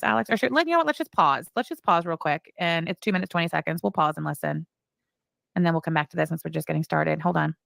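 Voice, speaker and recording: A woman's voice: lowish voice, vocal fry, a bit bright, no echo. A woman hosting a commentary stream, reading court filings aloud with sarcastic, mocking asides. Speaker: commentary channel host.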